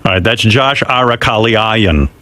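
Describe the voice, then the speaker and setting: Lively male radio host. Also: fairly low pitch, measured pace. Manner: upbeat, announcing contest entries. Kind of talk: radio talk show banter.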